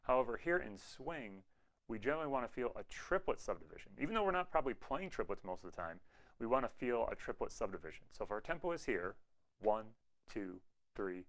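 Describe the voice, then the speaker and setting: Low-voiced man teaching a jazz lesson. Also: expressive, fairly quick, fairly bright tone, low-quality recording. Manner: clear, patient explaining, scat-sings rhythm syllables. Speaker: music teacher.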